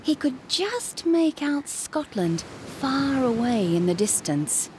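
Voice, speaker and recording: Slow, expressive woman reading a storybook. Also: sits high, slight background noise. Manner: slow and clearly paced, expressive. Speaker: narrator. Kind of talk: children's storybook read-along.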